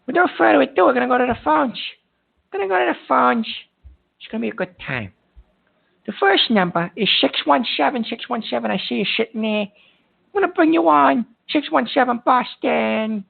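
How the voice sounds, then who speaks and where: A high-pitched, gravelly man speaks over a tinny phone line. He is hosting a call-in show from a hospital room while in pain. He rambles through fillers, swears, and turns irritable fast. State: in pain from a back injury. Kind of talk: call-in radio talk.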